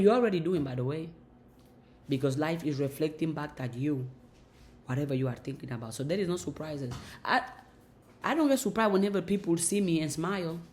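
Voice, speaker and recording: A woman's voice: deep voice, animated, fairly quick, a little mellow, a little hiss or hum. A woman giving a motivational monologue in an emphatic, repetitive, preaching manner. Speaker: motivational speaker.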